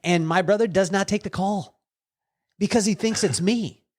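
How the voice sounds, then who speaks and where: Animated male storyteller, higher voice. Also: normal speed. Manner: animated storyteller, quotes others with lively voices. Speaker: podcast guest. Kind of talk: storytelling conversation.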